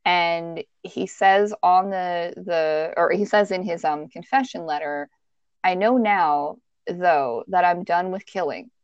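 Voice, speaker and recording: A woman's voice: lowish voice, takes it slowly, clear, resonant tone, no echo, muffled recording. A woman hosting a podcast, telling a true-crime story in a casual, conversational way with frequent restarts and fillers. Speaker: podcast host.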